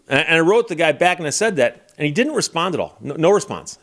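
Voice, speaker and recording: A middle-aged man with a slightly higher-than-usual voice tells a story in a relaxed, casual monologue. He speaks as a lawyer and host, with a wry, exasperated edge. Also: quick pace. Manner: exasperated, wry storyteller who acts out quoted dialogue.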